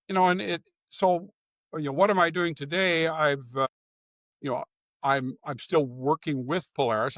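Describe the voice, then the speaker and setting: A man's voice: medium pitch, fairly bright tone, no room sound. An older man, a former executive, telling stories in a conversational interview, often restarting his sentences. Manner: storytelling with frequent restarts.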